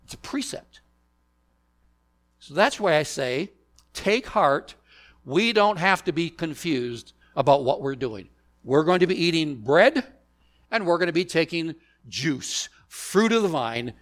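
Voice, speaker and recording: A man preaching a sermon, deliberate and emphatic, asking the congregation rhetorical questions. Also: fairly high pitch, lively intonation. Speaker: pastor.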